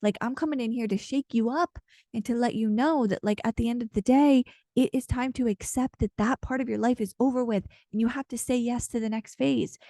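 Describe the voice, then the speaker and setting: Warm-voiced woman giving an earnest card reading. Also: a little high, steady tone, fairly quick, dry recording, studio quality. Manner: earnest, intense, rambling with many fillers. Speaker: intuitive card reader and channeler. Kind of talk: casual spoken channeled card reading.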